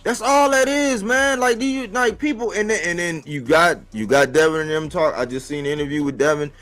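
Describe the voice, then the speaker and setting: A man giving a casual, slangy boxing commentary monologue for a live stream, animated and rhetorical, repeating his points. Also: a little high, a little fast, faint music behind. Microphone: live-stream mic.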